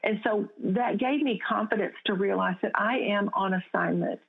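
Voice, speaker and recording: A woman's voice: medium pitch, normal speed, gravelly. A woman guest telling a faith testimony in an interview, speaking earnestly with frequent restarts. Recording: tinny phone-line sound.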